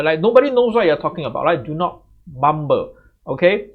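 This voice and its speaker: A man's voice: a little high, sing-song, moderate pace. A man giving exam tips as a tutor, in a chatty way that keeps checking back with "right?". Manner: conversational, tags sentences with "right?". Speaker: English tutor. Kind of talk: exam tips lesson to camera. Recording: slightly muffled lo-fi audio.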